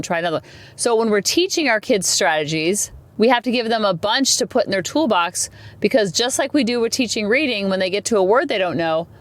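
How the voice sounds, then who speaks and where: Chatty mom podcaster lady, rambles and goes off on tangents, dry close mic, mid pitch. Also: no echo. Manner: chatty, rambling, animated asides. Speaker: parenting podcast host. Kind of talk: casual solo podcast talk.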